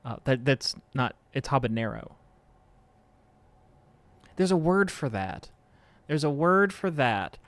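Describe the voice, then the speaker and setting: A man's voice: mid-range voice, very animated, slow pace, pauses often, fairly bright tone, no room sound. A man hosting a casual live stream, rambling with lots of fillers and joking about how words get pronounced. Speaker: podcast host streaming.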